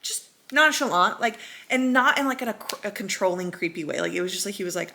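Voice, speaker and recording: A woman's voice: fairly low pitch, fast talker, vocal fry, hardly any pauses, sharp tone. A young woman vlogger casually rambling about a book she loves, swearing and acting out quotes. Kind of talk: casual chatty book review.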